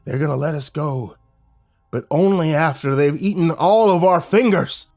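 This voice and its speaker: A man voicing an older rural man who tells grim local lore in a slow, folksy drawl. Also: fairly high pitch, a little mellow, soft background music, pitched above the performer's own voice, close to an everyday voice.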